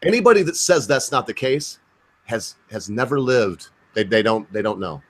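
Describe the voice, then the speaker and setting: Male stream host, rambling and profane, average pitch. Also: expressive, normal speed. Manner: rambling, swears, acts out quoted voices. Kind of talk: casual livestream chat.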